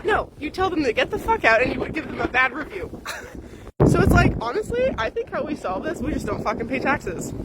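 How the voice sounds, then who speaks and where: A woman's voice: sits high, sing-song, fairly quick. A young woman ranting angrily and profanely, with sarcastic mock voices, recorded in a moving vehicle. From Canada. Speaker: ranting vlogger. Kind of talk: angry profane rant. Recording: loud wind and vehicle noise behind.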